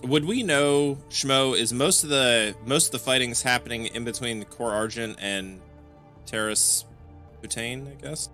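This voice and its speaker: A man joins a tabletop game and asks his questions tentatively, in a voice with a middle pitch and a bright, forceful edge. Faint music plays behind him. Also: measured pace. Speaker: player.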